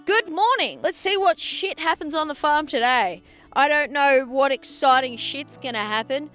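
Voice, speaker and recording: Aussie farm woman vlogging outside on her phone, higher voice, swears a lot, dry sarcastic and blunt. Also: normal speed, a bit bright, faint music behind. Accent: Australian. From Australia. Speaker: farmer and vlogger. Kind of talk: casual vlog chat. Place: outdoors on a sheep farm.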